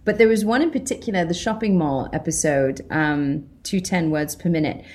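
A British woman, an actress, chatting in an interview, animated and laughing often as she acts out her own reactions. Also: deep voice, normal speed. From Britain. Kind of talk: casual interview chat.

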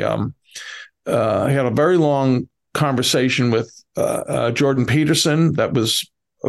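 A middle-aged man with a Bronx accent, cohosting a podcast in casual chat, halting with many stammered restarts. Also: mid-range voice, creaky.

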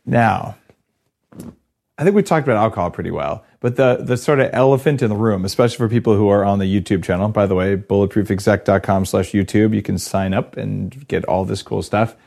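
Dry-humored man, lowish voice. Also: brisk, gravelly, a little mellow. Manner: dry humor, stammering restarts. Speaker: podcast host. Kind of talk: casual podcast conversation.

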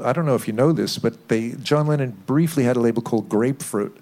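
An older man, a record producer, telling lively anecdotes in an interview, acting out quotes and chuckling. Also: medium pitch, fast talker, hardly any pauses. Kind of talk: interview storytelling.

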